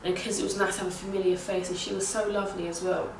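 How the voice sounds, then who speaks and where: A young woman, casually retelling a story in an animated, slangy way full of swearing. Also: medium pitch, very fast, creaky, background noise. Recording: echoey room heard from a distance.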